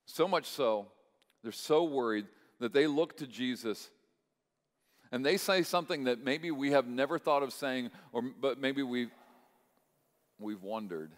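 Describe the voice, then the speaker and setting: A male pastor preaching a sermon, telling a story and checking in with the congregation, moving between hushed moments and impassioned, louder stretches. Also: medium pitch, measured pace. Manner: swings from hushed to loud, impassioned. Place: church sanctuary. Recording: long reverb of a large hall.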